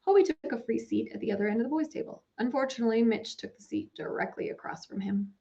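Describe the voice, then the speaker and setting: A woman narrating a children's novel in a measured storytelling manner. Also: fairly high pitch, gravelly, warm tone. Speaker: audiobook narrator. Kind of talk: scripted narration. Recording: dull lo-fi recording.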